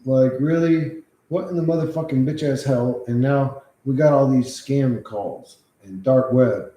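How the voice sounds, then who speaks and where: A man's voice: mid-range voice, measured pace, mellow. A man chatting on a casual livestream, rambling and swearing freely as he reacts to chat. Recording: echoey room.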